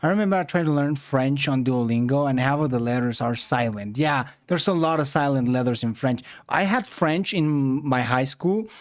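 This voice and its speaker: A man's voice: medium pitch, lively intonation, normal speed, few pauses, no echo. A man from Mexico, a streamer chatting casually while reacting to videos.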